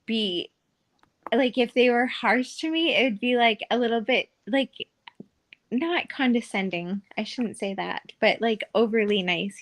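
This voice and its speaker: Her voice sits on the high side with a fairly bright tone as this podcast guest, once a casino dealer, chats through casual stories. Fillers pile up in her speech, and she laughs frequently.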